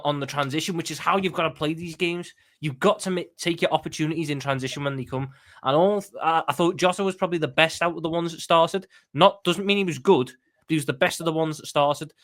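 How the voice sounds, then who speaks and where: A man's voice: on the high side, fairly bright tone. A man giving an emphatic post-match reaction as a football fan pundit, often stumbling and restarting his sentences.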